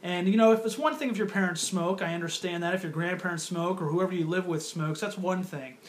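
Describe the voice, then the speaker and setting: A man's voice: sits high, fairly quick, slight background noise. A young man giving an earnest talk to youth as a ministry speaker, repeating his points and challenging listeners directly. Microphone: phone or webcam camera.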